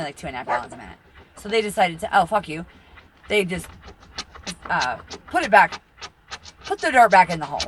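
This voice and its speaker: A woman's voice: lowish voice, fairly bright tone, a little hiss or hum. A middle-aged woman telling rambling personal stories, swearing freely and laughing at her own misfortunes. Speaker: tarot reader and channel host.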